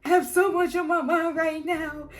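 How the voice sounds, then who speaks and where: A woman's voice: very high voice, steady tone, moderate pace, voice pushed up. A woman doing a stammering, tearful young man. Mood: overwhelmed. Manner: choked-up, stammering, raised voice.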